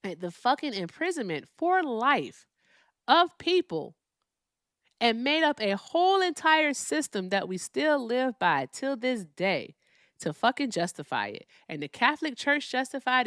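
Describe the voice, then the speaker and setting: Profane ranting woman, lively high voice. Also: dry recording, studio quality. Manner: profane, emphatic, repeats "all right?" tags. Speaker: host. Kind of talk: live-stream political rant.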